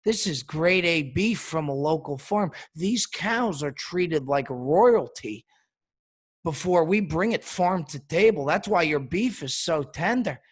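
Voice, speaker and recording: A man voicing a suave male steakhouse owner who speaks slowly and smoothly with a put-on foreign accent. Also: fairly high pitch, expressive. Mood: condescending.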